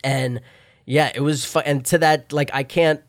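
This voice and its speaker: A man's voice: on the high side, fairly even intonation, measured pace, no room sound, clean studio sound. Young man swearing through a rambling story. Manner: profane, rambling storytelling with loud acted-out shouts. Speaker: guest telling a story. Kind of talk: casual chat.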